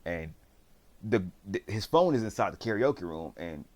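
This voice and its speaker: With a low, slightly mellow, sing-song voice and a moderate pace, a man recaps a TV series casually. He drifts through the plot in slang, playing out the characters' lines.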